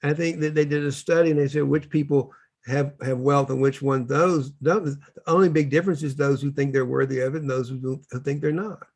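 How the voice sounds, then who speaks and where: A man's voice: on the high side, steady tone, fairly quick, darkish tone. A man speaking as a spiritual teacher, telling his story in an earnest, preachy way during a casual workshop conversation.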